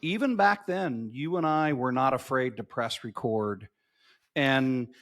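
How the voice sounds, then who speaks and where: Male podcast guest, relaxed and wry, teasing humor, mid-pitched voice. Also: measured pace. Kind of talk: casual podcast interview.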